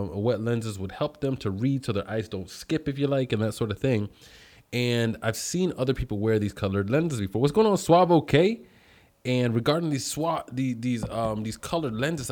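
An American man hosts a casual livestream, calling out viewers by name with upbeat energy. His voice sits at a medium pitch, and he drifts into rambling, chatty asides between greetings. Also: a little mellow. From United States. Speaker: livestream host.

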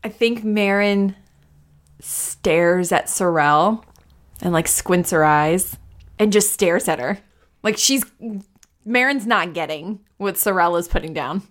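A woman's voice: fairly low pitch, slow pace. A woman playing a tabletop role-playing game, casually describing what her character does. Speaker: player.

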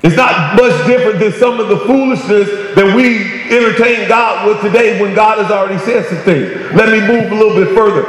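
A man's voice: sits high, a little fast, hardly any pauses. A man preaching a sermon, talking conversationally and then rising into emphatic bursts. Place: church sanctuary. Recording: very echoey hall.

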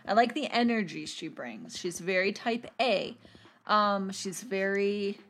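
A woman hosting a podcast, recapping a TV episode in a casual, animated, giggly and jokey way. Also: medium pitch, a little slow. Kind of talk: casual chat.

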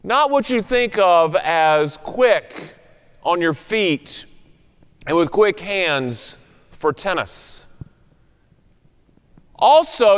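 A man's voice: high voice, a bit bright, clean tone, big-room sound. A male pastor leading prayer and preaching a sermon, telling a story with varied pace and strong emphasis.

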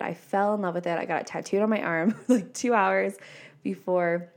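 A woman's voice: mid-range voice, fairly even intonation, normal speed, a little mellow. A woman in her twenties hosting a casual solo podcast, chatty and laughing often, with lots of "like" fillers. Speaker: podcast host.

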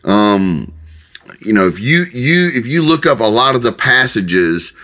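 An older man, a pastor and Bible teacher, preaching a conversational sermon in a folksy, halting way with many restarts. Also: mid-range voice, sing-song, sharp tone.

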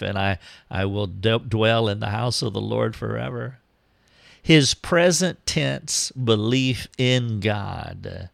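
Male preacher, sermon delivery, deliberate pace, reads verses aloud, gravelly timbre. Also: mid-range voice, fairly bright tone, no room sound, studio quality.

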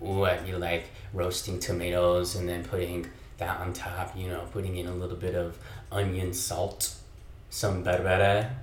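Young male podcast host, low-pitched, casual and profane, echoey recording. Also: normal speed, a little hiss or hum. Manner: relaxed, profane, lively storyteller. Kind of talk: casual chat.

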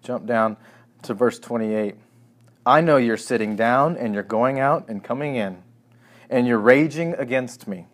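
Male preacher, mid-pitched, conversational sermon delivery that swells into dramatic scripture reading. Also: unhurried. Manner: animated, acting out scripture quotes with sarcasm.

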